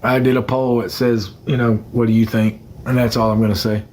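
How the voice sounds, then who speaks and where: A man's voice: medium pitch, flat delivery, a little fast, a little mellow, slight background noise. A young man chatting casually on a phone livestream, rambling and greeting commenters by name.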